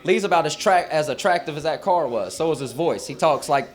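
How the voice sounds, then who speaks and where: Male stand-up comic, brash and profane, slightly high voice, live bar set. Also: expressive, brisk. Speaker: stand-up comedian. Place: bar stage at an open mic.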